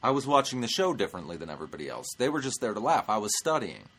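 Brash, lively man telling a comic story. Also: on the low side, very fast, husky. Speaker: stand-up comedian and show host.

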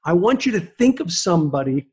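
Husky animated man telling a story. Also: high-pitched. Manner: animated storytelling with quick repeated restarts. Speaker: guest author. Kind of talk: podcast interview.

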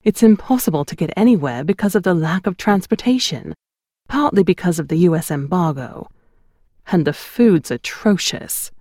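A man's voice: sits high, expressive, unhurried, a little mellow, dry recording, clean studio sound. A woman reading as a blunt, beefy photographer man. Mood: grumbling. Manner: curt, commanding short phrases. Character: beefy, rumpled male photographer, blunt and bossy.

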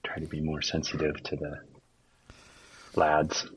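A man co-hosting a podcast in a playful, joking way, with a husky voice. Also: a bass voice, monotone, measured pace, slight background noise, rough recording. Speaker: podcast co-host. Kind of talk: casual chat.

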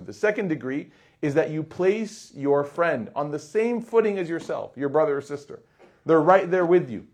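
A man giving a religious talk to a live audience, conversational and quick to act out everyday scenes in little voices. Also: fairly high pitch. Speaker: Islamic lecturer.

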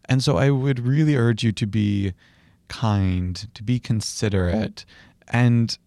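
A young man with a lower voice speaks in an easy, conversational teaching tone. He explains patient-interview tips calmly and acts out gentle example phrases as he goes. The recording is dry and close. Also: slow pace, creaky, dry recording. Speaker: psychiatry educator.

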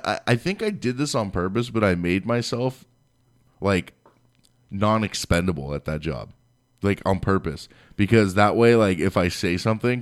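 A young man with a lowish voice chats on a podcast and tells stories full of swearing. He animates each quote as he goes. The sound is close and dry, with no room behind it. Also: dry recording. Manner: profane, animated storyteller acting out quotes. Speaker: podcast co-host. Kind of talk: casual storytelling chat.

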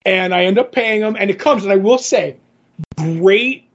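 Brief: husky, high-pitched male podcast co-host, animated storyteller, lo-fi audio. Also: normal speed. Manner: animated, acts out others' lines in the story. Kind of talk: casual storytelling chat.

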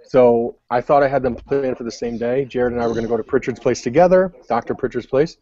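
A man's voice: medium pitch, quick pace, dark tone, lo-fi sound. A young adult man telling a long story in casual podcast chat, rambling with many fillers. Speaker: podcast co-host.

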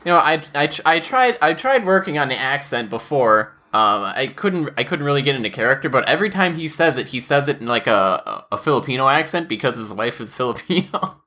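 A woman's voice: rumbling low, sing-song, a little fast, bright, forceful tone. A woman hosting a casual podcast chat, telling work stories as a postal carrier, acting out coworkers' voices and laughing often. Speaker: podcast host.

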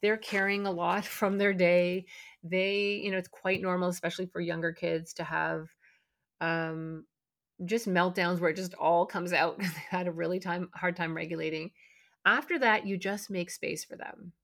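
A middle-aged woman hosting a parenting podcast, talking in a calm, reflective way with frequent fillers and restarts. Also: on the low side, normal speed. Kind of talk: casual podcast talk.

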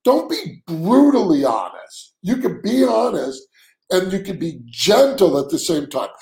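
A man's voice: high-pitched, very animated, measured pace, gravelly, a little mellow, reverberant, poor audio. A man co-hosting a casual podcast chat, talking earnestly and often repeating words as he starts a sentence. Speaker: co-host.

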